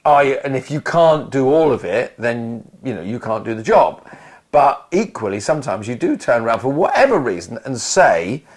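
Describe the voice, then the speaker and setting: A man co-hosting a chatty podcast, telling a story with plenty of restarts. His pitch swings widely as he talks. He sounds lively and expressive. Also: normal speed. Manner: animated storyteller, many restarts. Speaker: podcast co-host, actor. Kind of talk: casual anecdotal chat.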